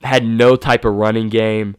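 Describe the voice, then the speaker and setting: Smooth, dry-voiced male sports show host. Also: lowish voice, little pitch movement, unhurried, dry recording. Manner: casual, self-correcting, hyping players. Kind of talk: solo sports prediction talk.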